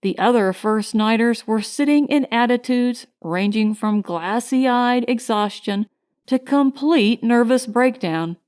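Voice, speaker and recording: A woman narrating a science fiction short story in a steady, measured storytelling manner. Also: a little high, clean tone. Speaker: audiobook narrator. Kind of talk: scripted narration.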